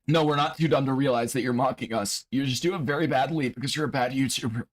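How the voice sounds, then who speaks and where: A man's voice: mid-range voice, fast talker. Streamer guy reacting to a vid, cussing and roasting, normal voice. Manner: profane, mocking. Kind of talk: casual live-stream reaction.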